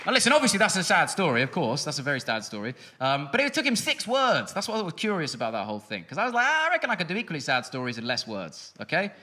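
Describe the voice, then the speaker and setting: A man doing stand-up on a big hall stage, his voice bright and swinging widely up and down. He delivers sarcastic, punchy lines into a stage mic and now and then shouts them out. A faint hiss sits under the set. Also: a little high, wildly swooping pitch, fast talker, few pauses, a faint crowd. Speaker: stand-up comedian. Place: large music hall stage before a live audience. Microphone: stage microphone.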